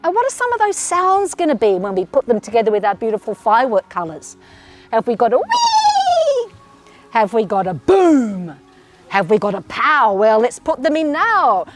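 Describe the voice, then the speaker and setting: Woman, Australian accent, kids yoga teacher, lively swooping pitch, fairly high voice, soft music behind. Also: fairly quick. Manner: sing-song, encouraging, playful animal sounds. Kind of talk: children's yoga class instruction.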